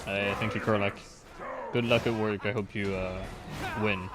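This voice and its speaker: A man streaming a game with friends, chatting casually and telling stories with lively, animated delivery. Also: normal speed, over loud music. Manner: animated storytelling, mimics others in high shouts. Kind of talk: casual gaming chat.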